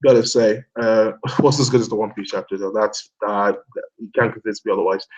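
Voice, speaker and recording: A man hosting a casual online hangout, rambling excitedly in loose commentary, swearing often, laughing and talking himself in circles. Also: on the low side, fairly quick, highs cut off. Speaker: host of an online discussion hangout.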